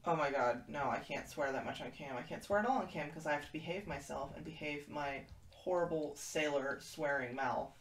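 A woman's voice: low-pitched, normal speed. A woman hosting a casual livestream from a kitten room, chatting and answering viewers' messages as she goes. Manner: chatty, reads and answers chat aloud. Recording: echoey room, far from the mic, noisy.

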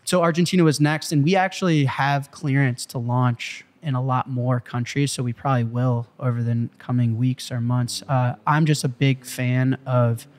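Fast, excitable man telling a story. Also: mid-range voice. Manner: excitable, profane, emphatic. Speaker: interview guest, company CEO. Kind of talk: animated storytelling in a casual interview. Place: Malibu.

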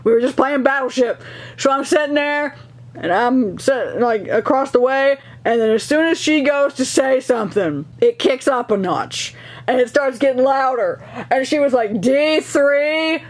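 A young woman vlogger telling stories casually, animated and laughing as she acts out dialogue. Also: high-pitched, moderate pace. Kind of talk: casual storytelling.

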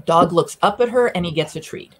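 A woman's voice: fairly low pitch, fairly quick. A woman, a dog behavior consultant, chatting casually and enthusiastically as she comments on a training video. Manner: enthusiastic, chatty, narrates what the dog does.

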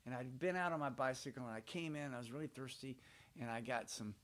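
A man's voice: mid-range voice, quick pace, a bit bright. An older man from Georgia with a Southern accent, telling playful stories to children by his fireplace at home. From Georgia, USA. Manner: chatty, playful, rambling. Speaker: storyteller. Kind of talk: folksy storytelling for children.

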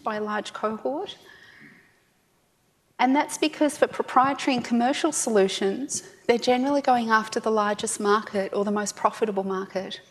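A woman's voice: a little high, big-room sound. An Australian woman giving a conference talk, chatty and joking with the audience. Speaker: conference speaker.

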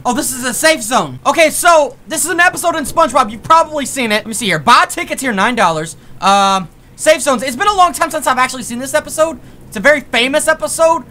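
Young man, gaming commentary, high-pitched, very animated, excitable, rambling, faint background music. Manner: excitable, jumpy, breaks into yelps and screams when startled; rambling, self-correcting asides. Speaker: gaming YouTuber. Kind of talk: horror game let's play commentary.

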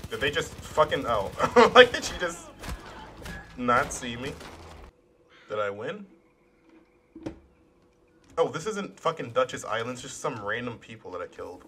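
A man's voice: mid-range voice, sing-song, unhurried, long pauses, bright, forceful tone. A young man casually commentating a video game as he plays, swearing often, cracking sarcastic jokes and talking back at the characters. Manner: profane, sarcastic, jokey. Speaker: gaming channel host. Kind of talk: casual let's play commentary.

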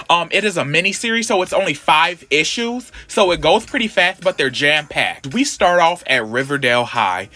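A man's voice: on the high side, expressive, a little fast, few pauses, pushed and bright, faint music behind. A man recapping a comic in a casual, sassy, profane and gossipy way.

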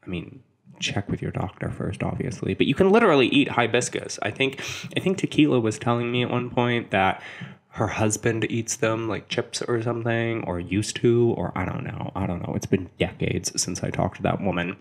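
A man's voice: fairly low pitch, moderate pace, gravelly. A young man talking through a spell-making tutorial in a chatty, sarcastic way, often wandering off onto side topics. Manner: chatty, sarcastic asides, jumps between topics. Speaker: witchcraft video host.

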